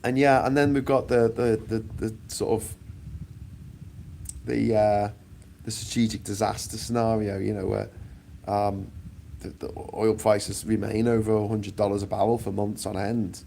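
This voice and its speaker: A man's voice: fairly low pitch, level tone, unhurried, creaky, dark tone, a little hiss or hum. A British man vlogging outdoors on a sunny island, giving a blunt, profane, sarcastic opinion rant.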